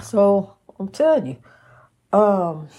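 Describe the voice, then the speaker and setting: A woman's voice: medium pitch, sing-song, extremely slow, warm tone. A woman hosting a Christian inspirational program, speaking in a folksy, down-to-earth way, calling listeners honey and repeating phrases with preacher-like emphasis. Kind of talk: casual spoken devotional message.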